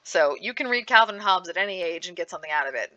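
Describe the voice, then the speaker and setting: A woman gives an upbeat panel talk recommending comics and manga. Her voice is bright and forward. She talks in a lively, animated way, often restarting her sentences. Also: fairly low pitch, quick pace, muffled recording. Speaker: librarian giving a book panel. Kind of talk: enthusiastic book recommendation talk.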